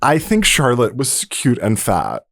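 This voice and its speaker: A man's voice: medium pitch, wildly swooping pitch, measured pace, gravelly, no echo, studio quality. A man co-hosting a podcast, telling a joking story in casual chat. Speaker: podcast co-host.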